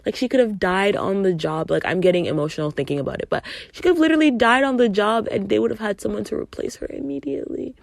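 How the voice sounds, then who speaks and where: A woman's voice: medium pitch, lively intonation, quick pace, creaky, few pauses, dry recording. A young adult woman hosting a podcast, telling a story in a casual, emphatic way, swearing freely and acting out what people said. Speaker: podcast host.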